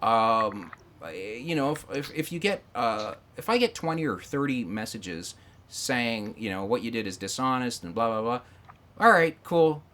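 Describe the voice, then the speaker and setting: Man, podcast guest, swearing, lively storytelling, mid pitch. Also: a little slow. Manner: profane, animated storytelling with quoted voices. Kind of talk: casual podcast chat.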